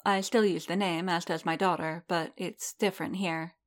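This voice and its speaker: A woman voicing a gentle alien mother with a musical accent. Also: fairly low pitch, normal speed, close to an everyday voice. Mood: calm. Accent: Rillish. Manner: light, musical, calm and dignified.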